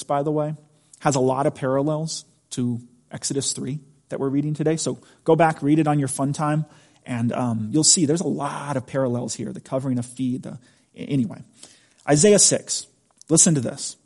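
A man's voice: medium pitch, a little mellow, husky. A man preaching a sermon in a conversational, emphatic way, asking the congregation rhetorical questions. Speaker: pastor.

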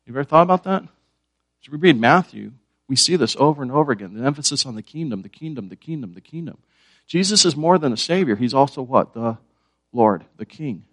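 A man's voice: medium pitch, animated, fairly quick, a bit bright, dry recording. Man, pastor, sermon, questions to the congregation, dry sound. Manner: asks the congregation questions, repeats key words.

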